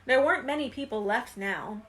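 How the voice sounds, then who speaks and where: Expressive woman reading a storybook aloud. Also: a little high, moderate pace. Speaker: reader. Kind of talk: reading a children's novel aloud.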